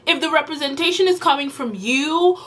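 A woman's voice: high-pitched, fairly quick, fairly bright tone. A woman video creator delivering an exasperated, emphatic rant in a casual commentary vlog, often repeating herself for effect.

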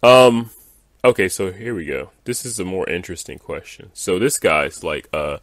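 Deep-voiced, exasperated man ranting. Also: animated, normal speed, fairly bright tone, no room sound, clean studio sound. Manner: exasperated, dismissive, lots of fillers. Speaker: gaming video creator. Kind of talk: ranting commentary reading viewer comments.

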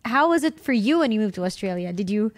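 A woman's voice: medium pitch, animated, fast talker, no room sound, clean studio sound. A woman with a Filipino accent co-hosting a casual podcast, asking the guest questions and dropping in Tagalog phrases. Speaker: podcast co-host. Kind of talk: casual chat.

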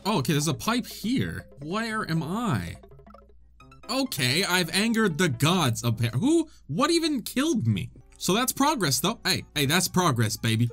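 A young man giving excitable let's-play commentary, often yelping and shrieking in frustration. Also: fairly high pitch. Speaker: gaming video creator.

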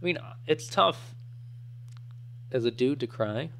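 A man's voice: medium pitch, animated, slow pace, vocal fry, a bit bright, a little hiss or hum. A man in his thirties co-hosting a casual podcast, riffing with crude wisecracks and jokes. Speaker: podcast co-host.

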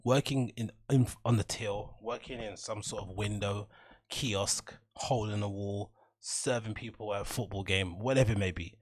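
Man, low husky voice, dry close sound, casual chatty monologue. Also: fairly even intonation, moderate pace, no room sound. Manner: chatty, laughs often, mock-polite asides. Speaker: podcast host.

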